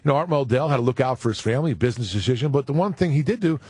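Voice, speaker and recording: Fast-talking male radio studio guest. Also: medium pitch, expressive, darkish tone, husky, no room sound. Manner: storytelling, acts out quotes; lots of "you know" fillers. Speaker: guest, former football player. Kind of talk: casual radio studio talk.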